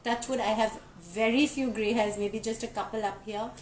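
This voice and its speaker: A chatty woman with a fairly high voice, talking candidly and reading out comments. Faint noise sits behind her. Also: fairly even intonation, moderate pace, poor audio. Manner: chatty, candid, reads viewer comments aloud. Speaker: live-stream host. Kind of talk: casual live-stream chat.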